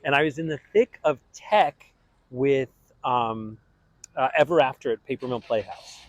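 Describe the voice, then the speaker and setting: A man being interviewed as a guest, telling lively anecdotes and acting out other people. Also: medium pitch, measured pace, rough recording. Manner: animated, acts out voices in anecdotes. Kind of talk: casual chat.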